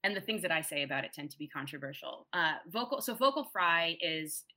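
A woman's voice: sits low, animated, fairly quick, sharp tone. A young adult woman, a guest linguist, explaining things casually and patiently on a podcast, often adding "like" and "right?".

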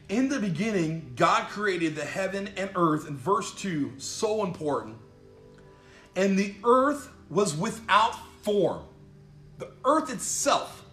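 A man's voice: high-pitched, bright, forceful tone. A man preaching a fiery, emphatic sermon, repeating phrases and calling out "come on" as he builds his points. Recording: echoey room with faint music behind.

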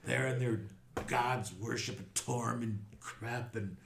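A man's voice: mid-range voice, slow, gravelly, roomy sound, noisy background. A man voicing a semi-drunken, suspicious male tavern patron who grumbles conspiratorially. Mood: scornful.

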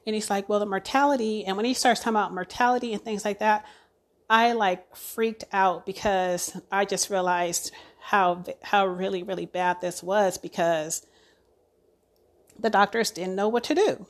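A woman's voice: medium pitch, fairly even intonation. Woman retelling a hard experience. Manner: emotional retelling, halting, many fillers. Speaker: ICU nurse. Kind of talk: personal testimony.

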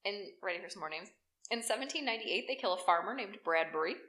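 A woman's voice: medium pitch, lively intonation, fast talker, bright, forceful tone, reverberant. A woman co-hosting a podcast, telling a true crime story in a chatty, joking way. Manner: chatty, jokey storytelling, laughs often. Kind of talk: casual chat.

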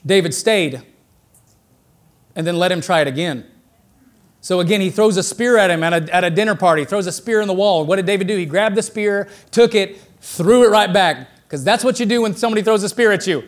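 A man preaching a sermon with a notably high voice. He talks in a relaxed, joking way and builds up excitedly when he drives a point home. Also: a little fast. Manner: conversational and joking, rising excitedly for emphasis.

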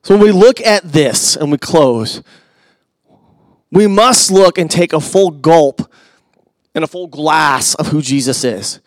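A middle-aged male pastor preaching a sermon, conversational with asides to the congregation, swinging from loud emphasis to hushed near-whispers. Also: a little high, expressive, takes it slowly, long pauses, no echo.

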